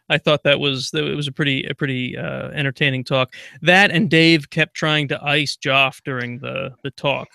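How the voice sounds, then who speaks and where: A man's voice: on the high side, fairly even intonation, measured pace, vocal fry, pushed and bright, smooth, dry recording, studio quality. A man co-hosting a casual tech podcast, telling rambling stories and laughing often. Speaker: podcast co-host. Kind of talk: casual chat.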